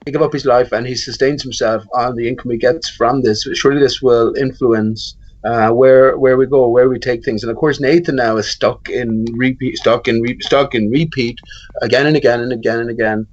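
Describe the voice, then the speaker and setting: A man's voice: medium pitch, fairly even intonation, normal speed, lo-fi sound. A man on a live chat panel who asks long, probing questions and often restarts his sentences. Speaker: panel guest. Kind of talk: casual discussion.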